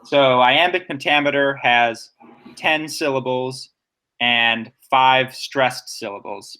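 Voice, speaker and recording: A man's voice: mid-range voice, slow pace, pushed and bright, clean tone. A young man co-hosting a casual poetry podcast, explaining poems in an enthusiastic, nerdy way. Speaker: podcast co-host.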